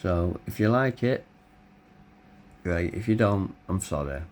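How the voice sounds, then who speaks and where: Blunt, deep-voiced middle-aged man. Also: animated, a little slow, darkish tone, a little hiss or hum. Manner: blunt, candid, swears freely. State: hoarse, voice tiring. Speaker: vlogger. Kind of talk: personal storytelling.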